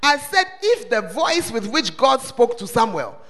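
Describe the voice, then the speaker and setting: A man preaching a sermon, quizzing the congregation with questions and breaking into shouts. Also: extremely high pitch, very animated, measured pace. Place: church service hall. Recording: long reverb of a large hall.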